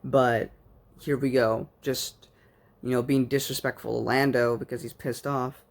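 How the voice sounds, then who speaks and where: A man's voice: medium pitch, little pitch movement, a little slow, vocal fry. A man giving a casual spoken book review, rambling like an enthusiastic fan with plenty of fillers.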